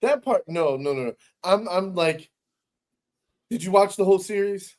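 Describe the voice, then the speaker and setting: A man co-hosting a casual podcast, his voice sitting a little high. He swears freely and rambles, circling back with frequent restarts. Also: animated, moderate pace, a little mellow. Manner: profane, rambling with many restarts. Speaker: podcast co-host. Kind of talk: casual chat.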